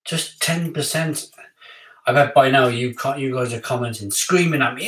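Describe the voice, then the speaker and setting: A man reviewing craft beer on a live stream in casual, excitable chat with his viewers. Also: mid-range voice, moderate pace, distant mic. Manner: chatty, excitable, talks to viewers. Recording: echoey room, off-mic.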